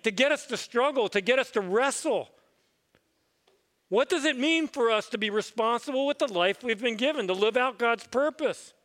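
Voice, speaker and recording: A man's voice: very high voice, fairly bright tone, in a large hall. A man, a pastor, telling a parable in a conversational, reflective sermon in church. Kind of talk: sermon storytelling.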